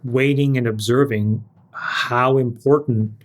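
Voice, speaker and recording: A man co-hosting a podcast panel, making his points in an emphatic, measured way. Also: medium pitch, fairly even intonation. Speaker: podcast co-host. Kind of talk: casual panel chat.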